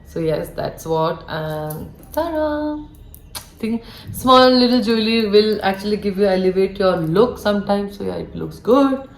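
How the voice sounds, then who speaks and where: A woman's voice: medium pitch, normal speed, gravelly. Woman telling a horror story, echoey room. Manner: animated retelling, acts out quoted lines. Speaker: vlogger, former cabin crew. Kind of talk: casual storytelling while doing makeup. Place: indoor room, getting ready.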